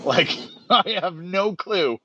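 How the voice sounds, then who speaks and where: A man's voice: high-pitched, lively intonation, slow pace, bright, forceful tone, slight background noise. A man in a casual live stream chat who laughs often and swears freely. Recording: dull lo-fi stream audio.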